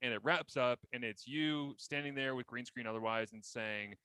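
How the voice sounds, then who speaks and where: Bright-voiced man hosting a podcast. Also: mid-range voice, moderate pace, hardly any pauses, clear, resonant tone, no echo, poor audio. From Ontario, Canada. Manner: enthusiastic, animated storytelling. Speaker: podcast host. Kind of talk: casual interview chat.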